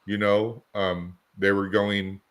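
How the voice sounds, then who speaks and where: Low-voiced chatty man telling anecdotes. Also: little pitch movement, takes it slowly, fairly bright tone, smooth. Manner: rambling storyteller, chatty anecdotes. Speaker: podcast co-host. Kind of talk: casual conversational podcast.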